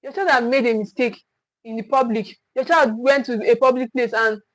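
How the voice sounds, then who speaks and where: A woman's voice: a little high, fairly even intonation, moderate pace, a bit bright, poor audio. A woman gives a livestream parenting talk. She speaks earnestly, repeats her points and acts out what parents say. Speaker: parenting coach.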